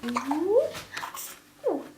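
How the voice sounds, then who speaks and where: A young woman filming her baby at home, softly cooing and often whispering in baby talk. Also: high-pitched, sing-song, drawn-out words, over music. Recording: noisy home video.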